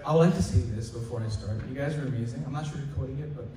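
A male student in his late teens doing stand-up comedy at school, chatty and stammering, loudly acting out his teachers. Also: mid-range voice, rapid-fire, a crowd in the background. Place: school hall with an audience. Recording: echoey hall recorded from far off. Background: audience laughter and room noise.

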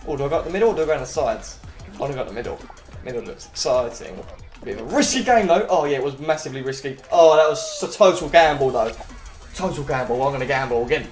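A man giving casual commentary while he plays a video game, chatty and excitable. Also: fairly high pitch. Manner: excitable, chatty, quick cries and laughs. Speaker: gaming channel host. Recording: roomy echo, faint game music.

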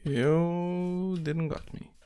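A man giving casual gameplay commentary and muttering to himself in a slow, halting way while he plays. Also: on the high side, fairly even intonation, dark tone. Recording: noisy home recording with keyboard and mouse clicks.

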